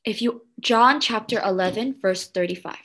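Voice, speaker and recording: A woman children's pastor preaching to kids, animated and asking the room questions. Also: mid-range voice, normal speed. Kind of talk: children's sermon.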